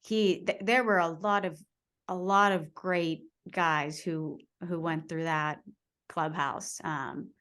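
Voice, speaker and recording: A woman's voice: low-pitched, fairly even intonation, slow pace, a bit bright. A woman in her thirties, a sports reporter, telling stories in casual chat with an enthusiastic manner and many fillers. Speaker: baseball reporter, podcast guest.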